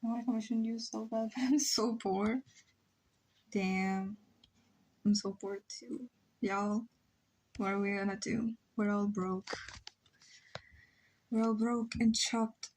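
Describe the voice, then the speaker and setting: A woman with a Spanish accent chats casually with her stream while she draws. She rambles and thinks aloud at an unhurried, slow pace, with her voice in a middle pitch. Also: fairly even intonation, a little mellow. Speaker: live streamer.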